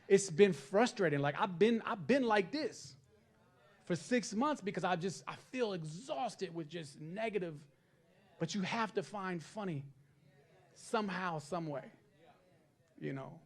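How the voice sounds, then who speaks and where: A man's voice: high-pitched, lively intonation, unhurried. A man doing a stand-up comedy set on stage, chatting and checking in with the crowd for agreement. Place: stage at a live comedy event.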